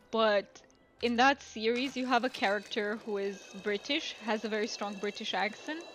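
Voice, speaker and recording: A woman's voice: fairly high pitch, a bit bright, slight background noise. A woman streaming a game, chatting casually and musing aloud to her viewers. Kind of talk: casual gameplay commentary.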